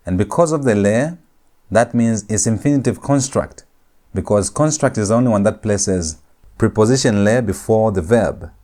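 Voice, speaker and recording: Male teacher, mellow low voice, slow and patient, drills terms by repetition. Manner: slow, repetitive, spells out each word. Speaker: Hebrew grammar lecturer. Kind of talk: classroom lecture.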